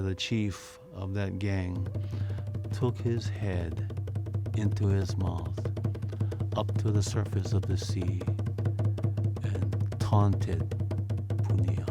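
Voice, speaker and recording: A male teacher tells a legend slowly and dramatically with a Hawaiian Pidgin accent. His lowish voice has a gravelly texture, and he repeats key lines for weight. Instrumental music plays under him. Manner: dramatic, emphatic repetition. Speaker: teacher storyteller. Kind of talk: oral storytelling.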